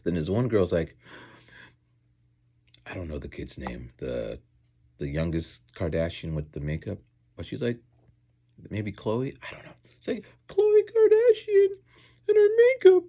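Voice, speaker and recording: A man's voice: rumbling low, animated, a little slow, long pauses, warm tone, slightly rough. A man who teaches in Japan, chatting casually in a rambling vlog while eating, going off on tangents and acting out voices.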